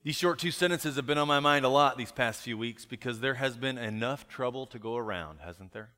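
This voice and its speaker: A male pastor in a mid-range voice delivers a reflective sermon. He often asks rhetorical questions and lets the key lines fall quiet. His voice carries a long reverb through a church hall. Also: mid-range voice, fairly quick.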